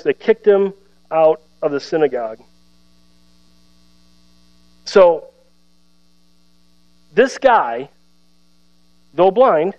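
Animated preaching man, high voice, lo-fi hum. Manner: conversational, animated, laughs often, acts out quoted voices. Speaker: pastor. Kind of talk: sermon. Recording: dull lo-fi sound with mains hum.

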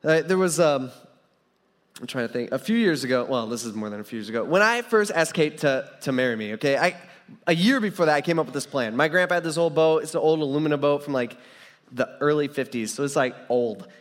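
A young man with a fairly high voice preaches in a casual, rambling way, stopping and restarting as he tells a story. His voice carries a long reverb, like a large church hall. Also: animated, a little fast. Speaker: pastor. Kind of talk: sermon with personal story.

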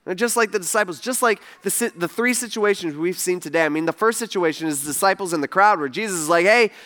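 A male pastor preaching a sermon in an animated way, acting out the voices he quotes and swinging between loud and soft. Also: sits high, quick pace.

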